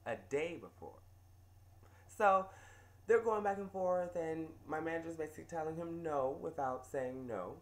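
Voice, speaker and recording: A man hosting a comedic storytelling vlog from a couch indoors, telling the story in an animated, amused way. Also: on the high side, normal speed. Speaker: host.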